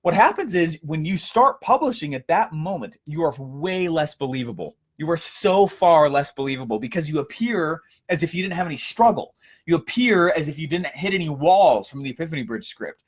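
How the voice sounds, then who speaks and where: A young man giving a casual coaching lesson, energetic and storytelling, with frequent fillers and restarts. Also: a little high, a little fast, husky. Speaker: course instructor.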